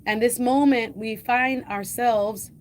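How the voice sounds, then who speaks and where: A woman's voice: fairly even intonation, a little hiss or hum. Emphatic woman host with a Jamaican accent. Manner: emphatic, slows and lifts pitch on key phrases. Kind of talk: reading an editorial aloud with commentary.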